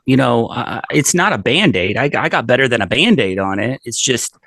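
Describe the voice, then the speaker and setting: A man's voice: medium pitch, lively intonation, moderate pace, hardly any pauses, fairly bright tone, no echo. A man in casual podcast chat, talking in an easygoing, self-deprecating way.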